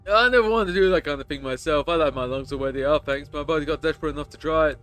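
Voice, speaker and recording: A game streamer reading the lines of a chatty, rough male stranger on a bus, telling crude stories in a rambling way. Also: medium pitch, racing, a bit bright, faint music behind, natural voice.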